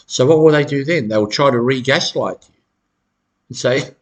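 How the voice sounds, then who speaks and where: A middle-aged man giving advice straight to camera, halting and repeating words, with frequent chuckles. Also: mid-range voice, expressive. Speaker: self-help educator.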